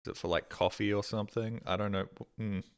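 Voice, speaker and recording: A man's voice: fairly low pitch, steady tone, a little fast, clean tone. A young adult Australian man streaming on a headset mic, chatting casually in a rambling way and swearing freely. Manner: rambling, swears casually, mimics voices in quotes.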